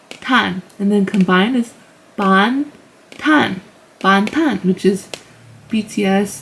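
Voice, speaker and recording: A young woman hosting a tutorial, explaining step by step in a relaxed way with lots of "like" and "um". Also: mid-range voice. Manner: relaxed, filler-heavy explaining with "like". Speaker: language tutorial host. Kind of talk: casual teaching walkthrough.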